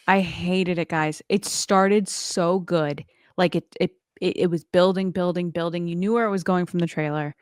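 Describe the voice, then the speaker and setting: Chatty lower-voiced woman podcaster. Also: steady tone, moderate pace, darkish tone, clean tone, no echo, clean studio sound. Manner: chatty, says "like" a lot, quotes people in playful voices. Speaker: podcast co-host. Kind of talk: casual chat.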